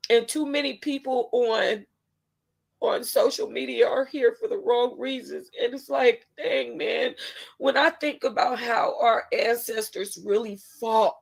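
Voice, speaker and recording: Woman vlogger, heartfelt and emotional, voice sitting a bit high. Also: measured pace, vocal fry. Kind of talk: casual vlog talk.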